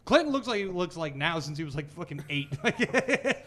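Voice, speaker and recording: A man's voice: fairly high pitch, big pitch swings, moderate pace, fairly bright tone. A man in casual chat, telling stories full of swearing and laughter. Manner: profane, laughing storyteller.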